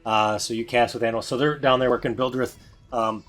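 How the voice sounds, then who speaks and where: A man running a tabletop game as game master, narrating in a casual, halting way. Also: medium pitch, fairly even intonation, fairly bright tone. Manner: casual, many fillers and restarts. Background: faint music.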